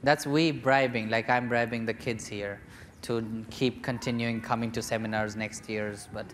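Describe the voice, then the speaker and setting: A man, a spiritual teacher, telling a story to a young seminar group in a lively, joking manner. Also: mid-range voice, normal speed, a little hiss or hum. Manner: lively, chatty, jokes and acts out quotes.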